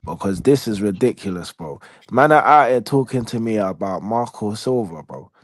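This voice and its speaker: A man's voice: fairly low pitch, lively intonation, normal speed, no room sound. A man ranting animatedly in casual podcast banter, full of street slang. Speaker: podcast co-host.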